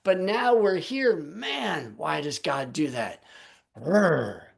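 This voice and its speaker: A man's voice: a little high, animated, slow, gravelly, exaggerated voice. A man voicing a self-pitying Israelite from the wilderness who grumbles and complains with exaggerated sighs, heard over a video call. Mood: whining.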